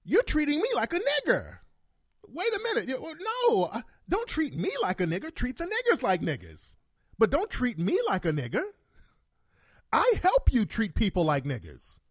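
A woman's voice: fairly high pitch, husky, dry recording, clean studio sound, voice pushed up, exaggerated voice. A man voicing a tearful, entitled woman who pleads and whines for special treatment. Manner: whiny, wheedling.

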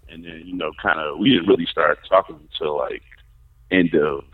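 A man's voice: low voice, steady tone, normal speed, slightly rough. A man calling in to a radio show, talking hesitantly and rambling with fillers. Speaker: caller. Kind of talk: casual phone call. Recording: tinny phone line.

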